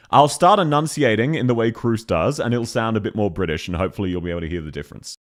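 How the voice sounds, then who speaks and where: A man from Australia with an Australian accent doing blunt, laugh-filled reaction commentary on his stream. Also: mid-range voice. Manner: blunt, laughing, quick asides.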